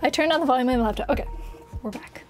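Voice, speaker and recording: Giggly high-voiced woman streamer. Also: very fast, a little mellow, faint music behind. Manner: giggly, chatty asides and playful exclamations. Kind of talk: reading a visual novel game aloud on a live stream.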